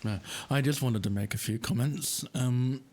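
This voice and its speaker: A man's voice: medium pitch, darkish tone. A man on a live chat panel, speaking hesitantly with fillers. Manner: slow, drawn-out, hesitant. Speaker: panel guest. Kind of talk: live round-table chat.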